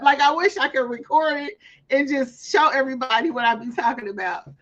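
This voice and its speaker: A woman with a fairly high voice chats casually on her craft livestream, spinning stories and mimicking the people she talks about. The audio sounds a little dull and muffled. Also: fairly quick. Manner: chatty storyteller, acts out callers' voices. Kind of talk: casual chat.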